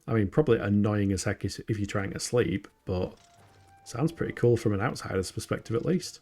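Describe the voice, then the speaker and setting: A mellow, lowish voice with vocal fry belongs to this man from northern England in the UK. While streaming a game he keeps up a casual, chatty commentary, mocking himself and laughing frequently.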